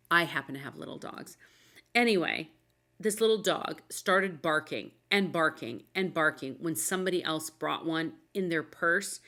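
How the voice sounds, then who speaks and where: A woman's voice: on the low side, fairly bright tone. A woman hosting a talk show about dogs, chatting casually and telling anecdotes with quoted dialogue. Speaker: podcast host, dog expert.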